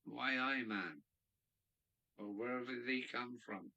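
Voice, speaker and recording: A man's voice: medium pitch, slow, vocal fry, pushed and bright, muffled recording. A man hosting a live stream, chatting casually and rambling as he muses aloud and answers viewers. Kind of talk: casual chat reading viewer comments. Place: hobby room in a loft.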